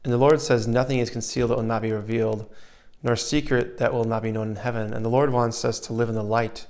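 A man preaching a sermon in an earnest way, dropping to a soft hush when he voices comforting words and rising again for emphasis. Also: mid-range voice, level tone, fast. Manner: earnest, shifts between loud emphasis and soft hushed asides.

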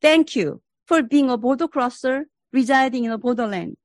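Earnest woman, professor at a lectern, deliberate reflective delivery, dry room. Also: sits high, a little mellow, no room sound. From Korea. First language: Korean. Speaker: professor giving a presentation. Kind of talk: formal spiritual presentation.

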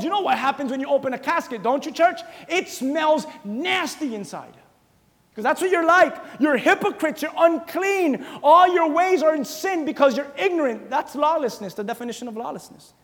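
A man preaching a sermon to his church, animated and joking, shouting words for emphasis. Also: extremely high pitch, a little fast. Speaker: pastor. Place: church sanctuary. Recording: long reverb of a church hall.

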